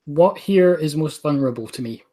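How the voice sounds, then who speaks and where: A player in a tabletop game, speaking in a halting, casual way. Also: medium pitch, expressive, mellow. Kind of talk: tabletop role-play chat.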